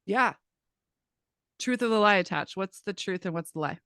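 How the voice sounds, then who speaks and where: A woman leads a live class in a loose, chatty way, her sentences tumbling and restarting. Her pitch is mid-range, and the sound is dry and close with no room around it. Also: normal speed, smooth, dry recording. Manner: casual, swears, laughs, lively restarts. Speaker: class facilitator.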